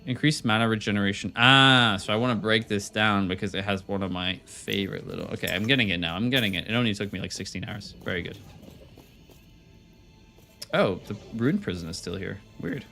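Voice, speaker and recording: Low-voiced man streaming a game. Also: brisk, sharp tone. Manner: rambling, playful self-talk. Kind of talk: live gameplay commentary. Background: game music.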